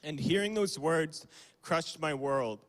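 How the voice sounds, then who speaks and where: A young man speaks to a youth group in a chatty, informal way, with fillers and quick apologies. His voice sits fairly high. A long hall reverb trails each phrase. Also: fairly bright tone. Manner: casual, conversational, with fillers and small apologies. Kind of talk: youth sermon on a livestream.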